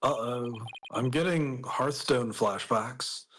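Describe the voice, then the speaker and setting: A man's voice: mid-range voice, slow pace, a bit bright, a little hiss or hum. A man chatting casually on a fan voice-acted game stream, making dry wisecracks. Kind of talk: casual chat.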